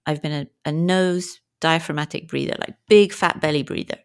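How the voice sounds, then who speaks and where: Frank, animated woman with a lowish voice. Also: normal speed, clean tone. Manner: animated and frank, acts out quoted speech. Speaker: guest, movement and breathwork coach. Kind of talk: conversational interview storytelling.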